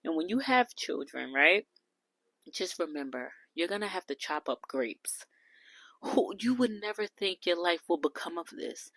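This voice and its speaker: Speaking straight to her audience, a blunt woman in her 30s from New York City narrates her cooking vlog casually. The voice is deep with a fairly bright tone in a dry recording.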